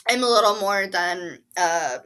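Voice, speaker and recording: A woman book vlogger chats casually about her reading while sick, interrupting herself with coughs and sneezes. Her medium-pitched voice is animated, pushed, bright and smooth at a measured pace, and she comes across as chatty and apologetic, using fillers.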